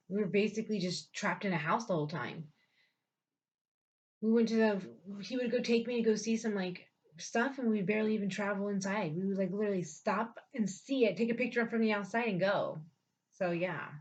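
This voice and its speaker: A woman's voice: fairly low pitch, husky. A woman telling a personal story bluntly and with heavy swearing, sounding frustrated. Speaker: vlogger telling her life story. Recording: dull lo-fi sound.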